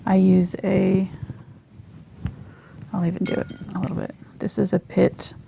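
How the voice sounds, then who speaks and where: A woman teaching a live painting lesson on a lapel mic, soft-spoken and often dropping to a near whisper as she works. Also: medium pitch, completely flat delivery, measured pace, creaky, background noise. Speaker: painting instructor.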